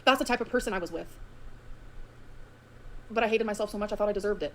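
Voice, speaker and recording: A woman streamer with a medium-pitched voice talks fast to her viewers on her own stream, with slight background noise behind her. Her rapid, unfiltered rant is profane and emotional, swinging between grievance and sarcasm.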